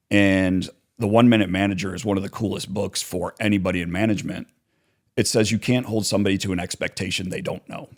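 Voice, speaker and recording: A man talking in a podcast interview, explaining his ideas and acting out both sides of everyday arguments. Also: fairly low pitch. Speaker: author and counselor, guest.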